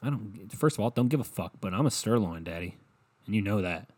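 A man's voice: on the low side, animated, a little fast, darkish tone, breathy edge, no room sound. Profane rambling podcast host man. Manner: profane, rambling, laughs at own jokes. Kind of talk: crude comedic solo podcast.

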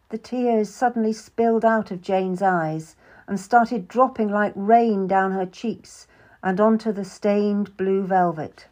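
Measured woman reading a historical novel. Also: medium pitch, fairly even intonation, a little mellow. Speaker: audiobook narrator.

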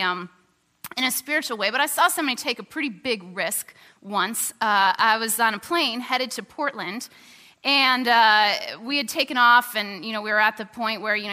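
High bright woman preaching in a hall. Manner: conversational, animated, many fillers. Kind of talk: sermon with storytelling. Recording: long hall reverb.

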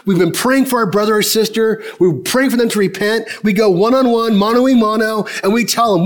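A man in his fifties delivers a sermon to his church, his voice sitting a touch higher than most men's. He carries his message through personal stories, slipping into other people's words by lowering his voice to play them. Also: a little fast, hardly any pauses. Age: 50s. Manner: storytelling, acting out dialogue in lowered voices. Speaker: pastor.

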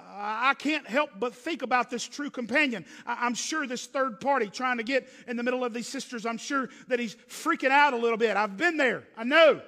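A man preaching a sermon from the pulpit. His voice is very high and bright. He moves between loud, emphatic preaching and low, hushed asides, and the sound rings with the long reverb of a large church hall. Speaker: pastor.

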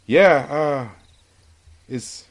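A gentle, anxious friar stumbles over his words and repeats himself, as a man puts him on. His voice rides above the speaker's normal pitch and sounds flustered. This is a tabletop game character voice. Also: drawn-out words. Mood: fretful. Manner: stammering, flustered.

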